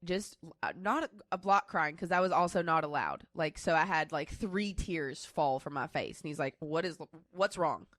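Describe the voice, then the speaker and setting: A woman's voice: deep voice, animated, normal speed, few pauses, fairly bright tone, dry recording, clean studio sound. A woman in her twenties co-hosting a casual podcast, telling a personal story in a candid, rambling way with many restarts. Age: 20s. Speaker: podcast co-host.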